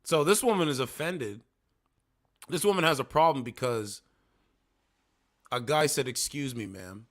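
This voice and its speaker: A man's voice: fairly high pitch, animated, unhurried, long pauses. A man hosting a casual livestream, reacting to clips with incredulous, mocking commentary and talking to his viewers. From Canada. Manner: incredulous, mocking, talks to chat. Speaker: livestream host.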